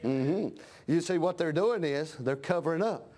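A middle-aged preacher delivers a homespun sermon in a notably high voice, punctuating his points with amens. He slips into the voices of the people he describes and hammers each point with plain country talk. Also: lively intonation, measured pace, warm tone. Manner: folksy preaching with frequent amens, acts out voices. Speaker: pastor.

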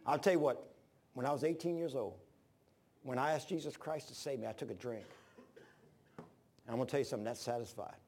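A man preaching a sermon, telling stories with animated bursts of shouting. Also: medium pitch, fairly quick, long pauses.

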